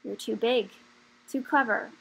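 A woman's voice: on the high side, measured pace, gravelly, a bit bright, husky, exaggerated voice, poor audio. A woman voicing a wise, blunt female rat in a storybook reading, plain-spoken and knowing.

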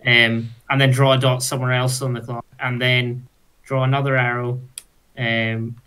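A man's voice: mid-range voice, level tone, moderate pace, sharp tone, clear, resonant tone. A man playing a tabletop game, thinking aloud hesitantly with many fillers. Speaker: player.

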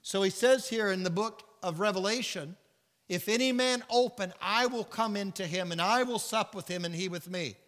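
A man's voice: high voice, normal speed, fairly bright tone. A man with a Southern US accent leading a Bible study, preaching earnestly and telling stories while acting out the voices in them. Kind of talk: sermon-style Bible teaching with storytelling. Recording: church hall reverb.

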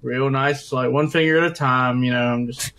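A man's voice: medium pitch, steady tone, normal speed, fairly bright tone, a little hiss or hum. A man playing a tabletop role-playing game, joking around in a loose drawl. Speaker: player. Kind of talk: casual tabletop play.

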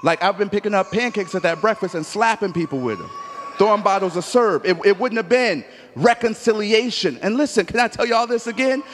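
Man preaching, fairly high voice, emphatic storyteller, long church hall echo. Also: brisk, slight background noise. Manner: emphatic storytelling preacher, acts out dialogue, rises to near shouts. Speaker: pastor. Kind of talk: sermon. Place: church sanctuary.

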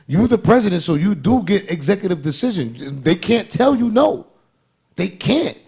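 A man with a gravelly, husky voice argues in loose, heated podcast chat. He talks with animated force and swears freely. He keeps pressing his point over his co-host. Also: sits high, normal speed.

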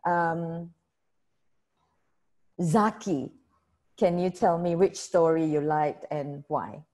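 A middle-aged woman facilitates an online workshop discussion over a video call, talking participants through their answers with a friendly, teacherly rhythm. She summarizes points and prompts people by name in a lowish, mellow, steady voice at a slow pace.

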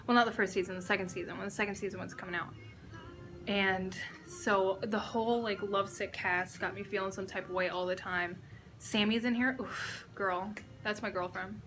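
A young woman filming a casual reaction vlog indoors at a friend's house, excitable and gushing and swearing freely. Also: mid-range voice, moderate pace, music in the background. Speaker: reaction vlogger.

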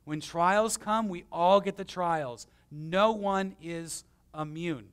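A man preaching a conversational sermon as pastor, swinging between emphatic and hushed, with self-deprecating stories. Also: high voice, takes it slowly, smooth. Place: church.

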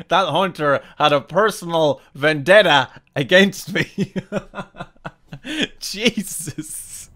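A young man giving excitable live commentary while he plays a video game, swearing, laughing and calling his viewers lads. He talks over the game's own sound. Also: fairly high pitch, very slow. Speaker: gaming channel host.

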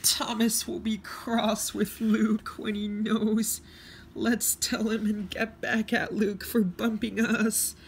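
A man voicing a gang of cheeky freight cars in a hushed, high, giggly voice, as in a homemade toy-train storybook. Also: little pitch movement, slow pace, a little hiss or hum. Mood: gleeful. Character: cheeky whispering freight cars, mischievous gossips.

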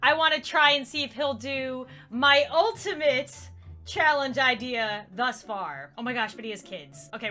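Bubbly woman host with a bright voice and a very animated pitch that swoops up and down, giggly gaming chatter. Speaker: YouTuber host. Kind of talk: excited gaming commentary.

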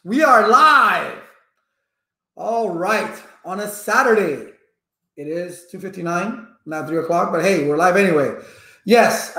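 A man's voice: high-pitched, fairly bright tone, echoey room. A man running a live-streamed networking lesson, chatty and repetitive, stopping to greet viewers in the chat. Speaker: networking instructor.

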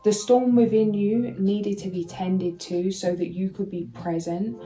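A woman's voice: medium pitch, steady tone, measured pace, poor audio. A woman giving a soothing spiritual tarot reading to her viewers, speaking emotionally and sometimes searching for words. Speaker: tarot reader. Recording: soft music underneath.

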